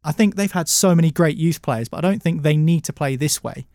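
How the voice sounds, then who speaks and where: A man's voice: a little high, brisk, a little mellow, dry recording, studio quality. A man making his case in a casual football chat, challenging the others. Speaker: football podcast panelist.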